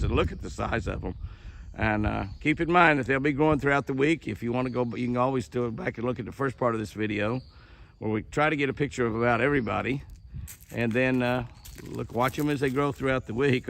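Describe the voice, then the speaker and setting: A man's voice: medium pitch, noisy background. An older man narrating casually outdoors as he films deer, folksy and chuckling, exclaiming often. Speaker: ranch owner filming his deer. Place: outdoors at a ranch house yard.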